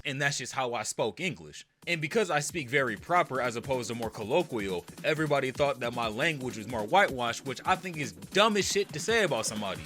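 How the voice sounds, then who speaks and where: A man's voice: medium pitch, bright, forceful tone. A young man from the United States speaking candidly in a personal vlog rant. He swears freely and breaks into emphatic outbursts. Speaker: content creator.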